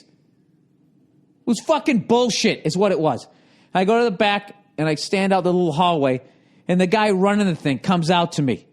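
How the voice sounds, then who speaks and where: A man's voice: high voice, lively intonation, moderate pace, long pauses. A man in his forties telling an exasperated, heavily profane comic story, his voice jumping up when riled. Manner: exasperated, swears constantly, voice jumps up when riled. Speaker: comedian.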